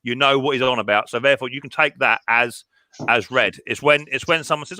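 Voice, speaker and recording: A man hosting a casual live stream, chatty and quick to stumble over his own restarts. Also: mid-range voice, pushed and bright, no room sound, low-quality recording.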